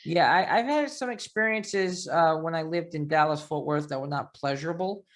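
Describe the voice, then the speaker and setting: A man's voice: a little high, moderate pace. Chatty man with a Long Island accent. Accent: Long Island New York. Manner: rambling, animated storyteller. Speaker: podcast host. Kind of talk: casual interview chat.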